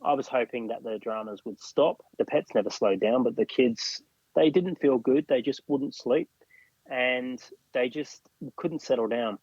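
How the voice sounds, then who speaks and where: A man's voice: mid-range voice, unhurried, darkish tone, breathy edge, no room sound, lo-fi sound. An Australian man recounting a personal experience as a podcast guest, acting out what other people said. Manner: acts out other people's lines while recounting. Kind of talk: personal storytelling in a podcast interview.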